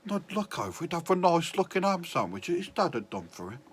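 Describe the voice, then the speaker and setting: A man's voice: a little high, very animated, fast, a little hiss or hum. A man telling a rambling, self-mocking story about his childhood. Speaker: comedian. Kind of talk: confessional storytelling.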